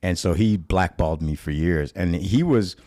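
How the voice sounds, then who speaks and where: Deep-voiced man telling a story casually. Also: normal speed, dry recording, studio quality. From Chicago, USA. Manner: animated storyteller, acts out quotes, swears freely. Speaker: stand-up comedian guest.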